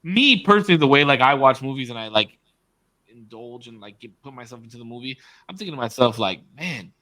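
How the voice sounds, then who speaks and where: A man's voice: medium pitch, fast, bright, forceful tone, dry recording, rough recording. A man co-hosting a podcast, retelling a story emphatically and swearing often in casual chat. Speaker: podcast co-host.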